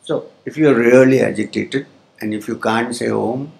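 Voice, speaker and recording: With a mid-range, darkish voice touched by vocal fry, a man teaches spiritual ideas to a live audience in a hall. He explains at a slow pace, pausing often, and chants Sanskrit terms along the way.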